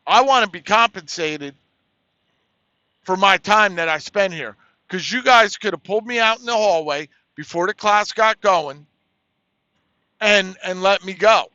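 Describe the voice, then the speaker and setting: A truck driver telling a frank, profane story in casual chat, retelling each exchange as dialogue. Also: male voice, high voice, moderate pace, pushed and bright, clear, resonant tone, no room sound. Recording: dry, slightly dull lo-fi audio.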